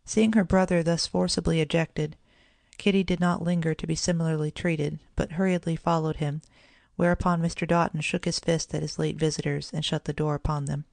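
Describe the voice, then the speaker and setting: Casting: gravelly children's audiobook narrator, even and measured, dry studio sound. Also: mid-range voice, no room sound. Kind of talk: scripted storybook narration.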